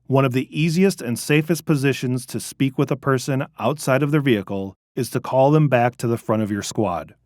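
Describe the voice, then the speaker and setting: Narrating a training video, a man speaks in a measured, instructive manner, working through each point steadily. His medium-pitched voice has a darkish tone, captured close and dry with no room sound.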